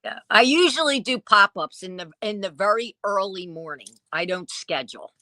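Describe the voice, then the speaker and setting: A woman vintage dealer telling stories in a casual interview, acting out what people said with lively quoted dialogue. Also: medium pitch, normal speed, no echo. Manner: lively storyteller who acts out quoted dialogue. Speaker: vintage dealer and online seller.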